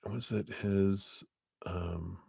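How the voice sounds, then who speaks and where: A deep-voiced man with a slight Southern US twang talks his way through a live tarot reading. He speaks slowly, rambles casually and laughs often. The sound is close and dry. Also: fairly even intonation, vocal fry, dark tone, breathy edge, no echo. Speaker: tarot reader hosting a live stream.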